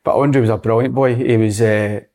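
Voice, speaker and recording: A middle-aged Scottish man, a former footballer, telling lively dressing-room stories in casual chat. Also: mid-range voice, normal speed. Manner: lively storyteller, acts out quotes.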